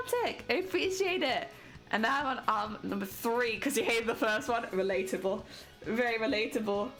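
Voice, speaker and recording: A young woman with a British accent talks casually to her live-stream viewers as she works on a craft. Her voice swoops widely up and down in a sing-song way. Soft music plays faintly underneath. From Britain. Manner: chatty, greets viewers warmly, sing-song pitch jumps.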